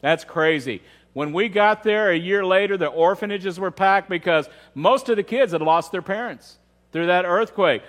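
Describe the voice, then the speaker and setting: High-voiced man preaching a sermon. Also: moderate pace, a bit bright. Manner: conversational, questions the audience often; repeats words as he starts sentences. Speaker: pastor. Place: church service.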